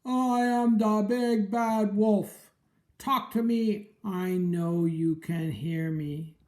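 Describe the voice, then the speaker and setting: A woman voicing a boastful big bad male wolf in a storybook, shouting his brags. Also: medium pitch, fairly even intonation, extremely slow, echoey room. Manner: loud, bragging shouts.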